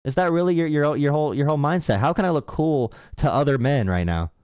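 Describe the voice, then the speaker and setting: A man's voice: a little high, lively intonation, fast talker, a little mellow, clear, resonant tone, no room sound, studio quality. A man hosting a live political call-in stream, ranting bluntly and mockingly. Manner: mocking, blunt, says bro a lot. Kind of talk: casual streaming rant.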